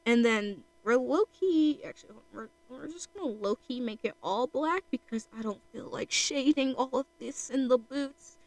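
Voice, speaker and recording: A woman's voice: high-pitched, expressive, normal speed, few pauses, no room sound, rough recording. A woman streamer chatting casually while she draws, rambling with lots of fillers.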